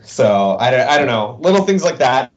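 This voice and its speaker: A man's voice: mid-range voice, sing-song, normal speed, dull audio. A young man co-hosting a casual podcast, opinionated and explaining his views at length. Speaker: podcast co-host. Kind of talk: casual chat.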